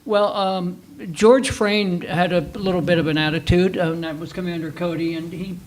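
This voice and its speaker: A man's voice: high voice, steady tone, normal speed, poor audio. An older man on a panel, rambling through memories of concerts with many fillers. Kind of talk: casual storytelling on a panel. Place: museum talk before a small audience.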